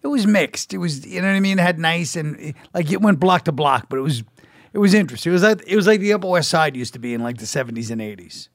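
A man, a comedian guest chatting quickly and breaking off his own sentences. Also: a little high, expressive, dry recording, studio quality. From Park Slope, Brooklyn. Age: 60s. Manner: fast, self-interrupting, many likes. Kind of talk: casual interview chat.

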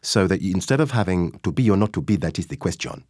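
A man, an actor, answering interview questions with animated stories, acting out quoted lines as he goes. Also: deep voice, fast talker, few pauses, husky, dry recording, clean studio sound.

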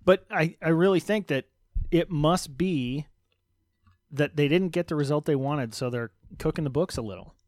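A man's voice: on the high side, moderate pace, darkish tone, no room sound, studio quality. A man co-hosting a casual political talk show, speculating in a wry, conversational way. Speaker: podcast co-host.

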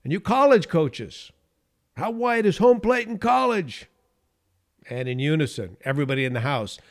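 A man hosting a podcast, telling a story in an animated way and chuckling as he goes. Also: fairly high pitch. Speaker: podcast host.

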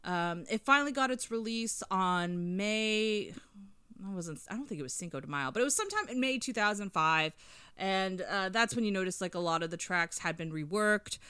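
A woman's voice: mid-range voice, animated, normal speed, pushed and bright, clean tone, no echo. A woman in her thirties casually chatting on a podcast about music, rambling with lots of fillers and eager storytelling. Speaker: podcast co-host reviewing an album.

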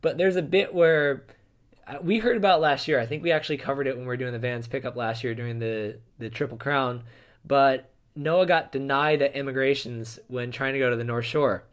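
A man hosting a casual talk show, setting up a clip in a relaxed way with a few fillers. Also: mid-range voice, a little fast. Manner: relaxed, introduces clips with fillers. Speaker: podcast host. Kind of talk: casual chat.

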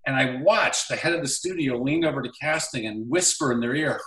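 A man's voice: mid-range voice, fairly quick, reverberant, recorded from a distance, rough recording. A man, an actor, casually telling an anecdote about his career, acting out the lines of the people in it. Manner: animated storyteller acting out quoted lines. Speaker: actor guest.

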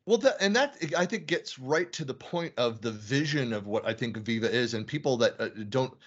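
A man's voice: mid-range voice, lively intonation, moderate pace, lo-fi sound. A man hosting an interview podcast, talking casually and animatedly while he stacks up points in long lists. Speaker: podcast host.

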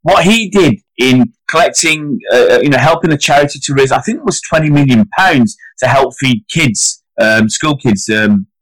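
A man's voice: moderate pace, hardly any pauses, dry recording, low-quality recording. Heated man in podcast chat. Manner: animated, argumentative, rising pitch when heated. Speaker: podcast co-host. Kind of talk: casual football podcast chat.

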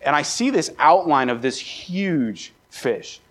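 Preaching in a church sanctuary, a young Baltimore-area pastor acts out scenes from a personal story with animation and a raised voice. His voice is fairly high in pitch and his pace is slow.

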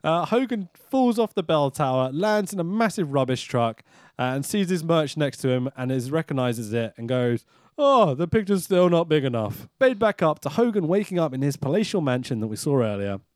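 A man's voice: on the high side, lively intonation, fairly quick, darkish tone, no room sound, studio quality. A man, co-hosting a podcast and recapping a movie in casual chat, sarcastic and swearing often. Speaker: podcast co-host.

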